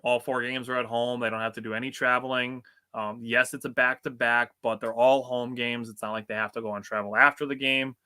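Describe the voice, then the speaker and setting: A man's voice: medium pitch, little pitch movement, brisk, hardly any pauses, pushed and bright, smooth. A young man from Wisconsin with a Wisconsin accent, co-hosting a casual sports podcast in a chatty, easygoing way. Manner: chatty, laughs easily, puts on silly accents.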